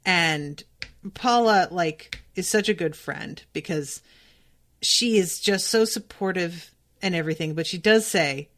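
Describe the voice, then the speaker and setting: A woman's voice: on the low side, a little slow. A woman hosting a podcast, recapping a TV episode in a casual, emphatic way, swearing freely and talking straight to her listeners. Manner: animated, emphatic, talks to listeners directly. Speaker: podcast host.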